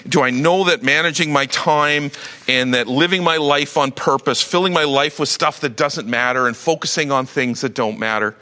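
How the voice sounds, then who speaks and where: A middle-aged pastor's medium-pitched voice fills a large hall as he preaches. He speaks conversationally and with animation, often breaking off and starting his sentences over.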